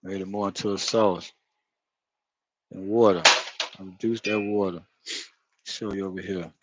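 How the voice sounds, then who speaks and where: A man's voice: low voice, steady tone, measured pace, slight background noise. A man with a Florida accent chatting loosely while he cooks, rambling, laughing and swearing as he goes. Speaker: home cook. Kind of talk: casual cooking vlog talk.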